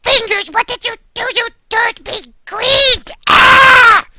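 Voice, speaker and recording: A nervous cartoon guard dog, voiced by a woman, with a very high, squeaky voice. Its tone is sharp and bright, and it stammers and repeats itself in a panic. The sound is dry and close, with no room around it. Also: measured pace, no echo, exaggerated voice. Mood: distressed. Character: excitable cartoon guard dog, anxious and jumpy. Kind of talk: children's cartoon voice acting.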